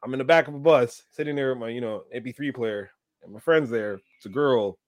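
A man in his thirties hosting a podcast, telling stories in a casual, animated way and acting out the people in them. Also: mid-range voice, fairly quick, no room sound. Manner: animated, laughing storyteller acting out quotes. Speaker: podcast host. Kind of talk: casual storytelling chat.

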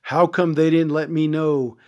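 A man's voice: fairly high pitch, level tone, a little slow, darkish tone, lightly acted. A man quoting an anxious old grandmother. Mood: pleading.

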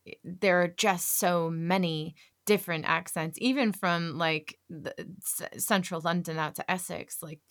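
A woman from California with an American accent, a voiceover artist chatting as a podcast guest, quick and animated with frequent restarts. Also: fairly low pitch, no echo, studio quality. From California, USA. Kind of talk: casual podcast chat.

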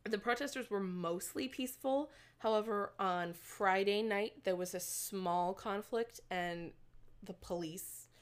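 A woman's voice: medium pitch, measured pace. A young woman chatting casually, telling a story with many fillers and little laughs. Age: young adult. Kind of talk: casual chat.

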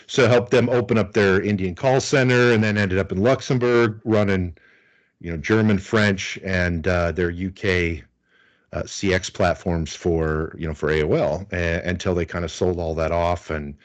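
A man's voice: sits low, steady tone, moderate pace. A middle-aged American man, a guest in an interview, telling stories casually with lots of fillers. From United States. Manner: chatty, anecdotal, many fillers.

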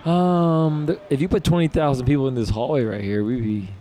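A man's voice: mid-range voice, steady tone, brisk, mellow. A man in a casual podcast chat, easygoing and chuckling.

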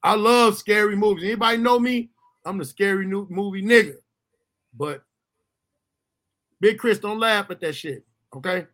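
Animated high-voiced man telling a funny story. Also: normal speed, long pauses. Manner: animated, laughs often, acts out voices, swears freely. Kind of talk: profane comic storytelling chat.

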